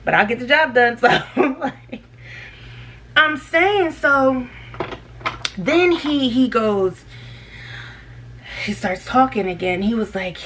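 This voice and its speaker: A young woman vlogger telling a story while she does her makeup, animated, laughing often and talking straight to her viewers. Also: fairly high pitch, takes it slowly, long pauses, a little hiss or hum. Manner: animated, laughing, talks to viewers as girl and y'all.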